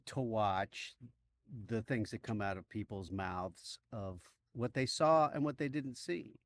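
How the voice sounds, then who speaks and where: A man's voice: mid-range voice, no room sound. A middle-aged man co-hosting a podcast, chatting casually and acting out the people he quotes. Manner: animated storytelling, acts out quoted people. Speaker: podcast co-host. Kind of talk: casual chat.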